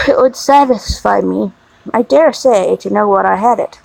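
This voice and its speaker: A woman reading the part of a weary, self-loathing young gentleman, with a resigned, self-deprecating delivery. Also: medium pitch, a little slow, gravelly, no room sound, low-quality recording.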